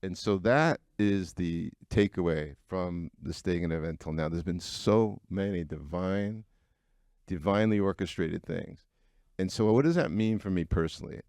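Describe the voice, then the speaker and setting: Deep gravelly middle-aged man speaking frankly. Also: measured pace, a little mellow, no room sound, studio quality. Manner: conversational and frank, with frequent fillers. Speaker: keynote speaker at an entrepreneurs' breakfast. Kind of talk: candid personal storytelling to a live audience. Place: event venue before an audience.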